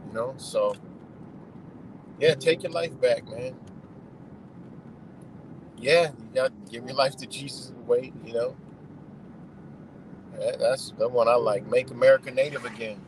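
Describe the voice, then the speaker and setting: A man's voice: medium pitch, a little slow, long pauses, background noise. A man ranting casually and profanely from his car on a live stream, rambling and saying "you know" over and over. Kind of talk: casual rant. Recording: clear music under the voice.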